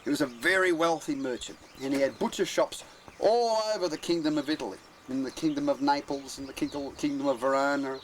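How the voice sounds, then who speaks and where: A man's voice: fairly high pitch, fairly quick, roomy sound, slight background noise, lightly acted, low-quality recording. An Australian man telling a crude, swearing yarn with acted-out voices. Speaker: storyteller.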